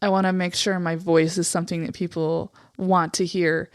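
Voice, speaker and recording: Young woman, vocal fry, bit raspy, says like a lot, swears, dead dry sound. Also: lowish voice, level tone, moderate pace, dry recording. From Eastern Montana, USA. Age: young adult. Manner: candid, frequent "like" fillers, swears freely. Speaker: podcast co-host. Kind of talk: casual chat.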